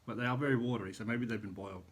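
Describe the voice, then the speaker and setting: A man's voice: fairly low pitch, fairly even intonation, very fast, husky. A middle-aged man, a chef, chatting casually in a vlog from a hotel room, rambling and eating as he talks. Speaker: chef vlogger.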